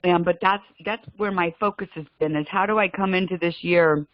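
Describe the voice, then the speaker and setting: A woman on a group video call, speaking earnestly with frequent laughs and halting restarts. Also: on the low side, steady tone, no echo. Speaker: call participant. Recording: slightly muffled call audio.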